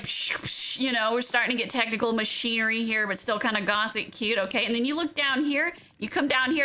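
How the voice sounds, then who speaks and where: A young woman streamer talks through her game in a loose, chatty way, playful and quick to exclaim over what she has made. Her voice is bright and forward, with a sharp, clear edge. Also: fairly high pitch. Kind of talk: casual gameplay commentary.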